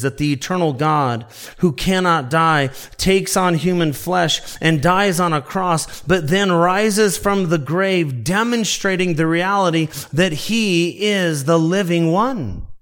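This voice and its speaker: Slow, deliberate male preacher. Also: fairly high pitch, fairly bright tone. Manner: slow, deliberate preaching with emphatic drawn-out quotes; addresses listeners as beloved. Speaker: pastor. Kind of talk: sermon.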